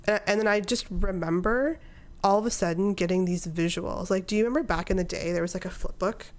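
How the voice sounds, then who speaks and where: A woman's voice: medium pitch, a little fast. A woman in her thirties, a podcast guest, telling a personal story in casual conversation and acting out her own inner dialogue.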